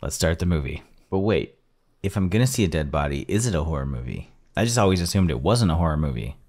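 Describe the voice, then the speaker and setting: A man's voice: low voice, expressive, quick pace, darkish tone. A man hosting a casual first-time movie reaction, chatty and thinking aloud as he goes.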